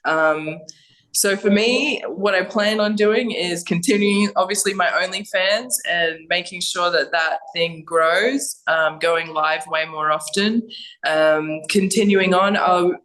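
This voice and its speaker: A woman's voice: fairly low pitch, fairly even intonation, slow pace, a bit bright, low-quality recording. A young Australian woman, a fighter, chatting as a podcast guest, blunt and laughing, swearing freely. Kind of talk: casual podcast chat. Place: Thailand.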